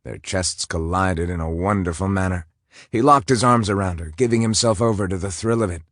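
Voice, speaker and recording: A male narrator reads a romance novel aloud in a measured, intimate way. His voice sits very low, and the close, dry recording has no room sound at all. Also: fairly bright tone, no echo. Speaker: audiobook narrator.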